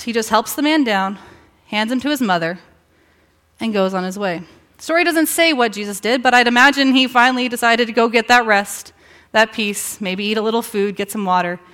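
A woman pastor preaches a sermon, recounting a Bible story with emphatic pauses and rhetorical questions. Her voice is fairly high and a bit bright.

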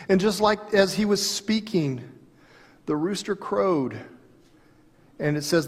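A man's voice: high-pitched, slow, long pauses, big-room sound. A man pastor giving an earnest, conversational sermon.

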